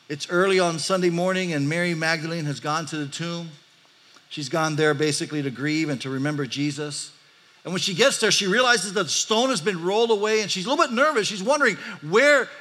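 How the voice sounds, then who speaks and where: A man's voice: fairly high pitch, pushed and bright. A man preaching a sermon in an earnest voice that swells and drops with emotion, often restarting his phrases. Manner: earnest, rising and falling with emotion, frequent restarts. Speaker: pastor.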